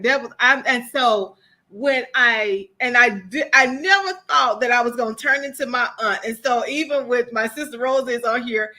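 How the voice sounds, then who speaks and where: A woman transformation coach speaking as an interview guest, telling stories in an animated way and repeating phrases for emphasis. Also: a little high, moderate pace. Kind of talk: conversational interview.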